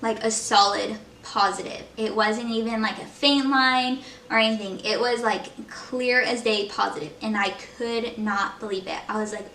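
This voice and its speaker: A woman's voice: on the high side, moderate pace, a bit bright, distant mic, a little hiss or hum. A young woman vlogger talking casually and from the heart while doing her makeup, with lots of fillers. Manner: chatty, heartfelt, fillers like "like" and "you know". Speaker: beauty vlogger. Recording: echoey room, voice a bit off-mic.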